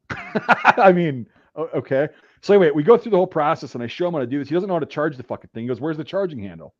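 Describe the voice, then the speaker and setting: A man telling profane army stories in casual chat, acting out the yelling. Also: on the high side, quick pace, lo-fi sound. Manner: profane, animated storytelling, acts out yelling. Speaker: podcast host, veteran telling army stories.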